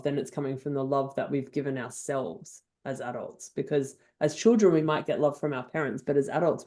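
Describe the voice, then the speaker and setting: An older woman with an Australian accent, a guest on a podcast interview, telling stories in an effusive, animated way. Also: very deep voice. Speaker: guest NLP trainer.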